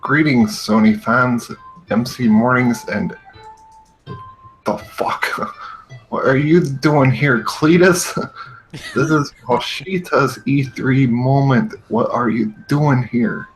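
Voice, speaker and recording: A man's voice: medium pitch, takes it slowly, faint music behind, low-quality recording. A man hosting a comedy show, ranting with sarcastic exasperation and laughing often. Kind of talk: comedic rant, parody commentary.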